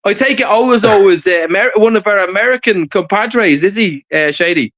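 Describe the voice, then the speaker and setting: A man's voice: high voice, a little fast, fairly bright tone. A man calling into a livestream, rowdy and laughing, swearing freely. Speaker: caller dropping into a livestream. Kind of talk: casual livestream chat. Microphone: internet call. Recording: muffled lo-fi call audio.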